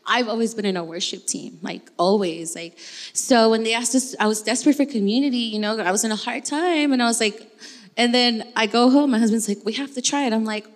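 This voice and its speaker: Animated storytelling woman in a reverberant hall. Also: on the high side, fairly quick. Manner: animated, storytelling, acts out quoted dialogue. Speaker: church member sharing testimony. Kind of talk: personal testimony in casual talk.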